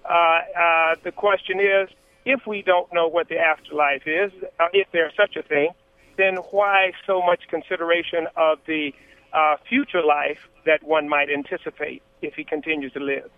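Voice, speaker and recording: A man's voice: on the high side, fairly even intonation, normal speed, dry recording. A man calling in to a radio show on a phone line that breaks up, asking a question hesitantly. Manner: hesitant, searching for words. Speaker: caller.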